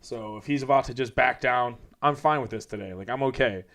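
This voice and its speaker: A man's voice: medium pitch, fairly quick, a bit bright. Male podcast co-host, rambling casual storyteller, heavy on quotes. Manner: loose, rambling storytelling full of "like" and quoted speech.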